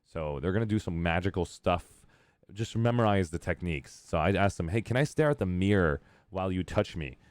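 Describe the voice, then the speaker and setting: A man's voice: sits low, animated, a little fast, dry recording, studio quality. A man hosting a live gaming stream, chatting casually and rambling with jokes. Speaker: streamer host.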